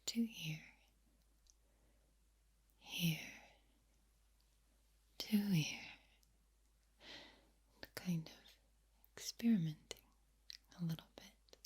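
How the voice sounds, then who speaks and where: A young woman speaking in a soft, breathy ASMR voice as she moves from ear to ear. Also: fairly low pitch. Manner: breathy and slow, moving from ear to ear. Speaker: ASMR creator.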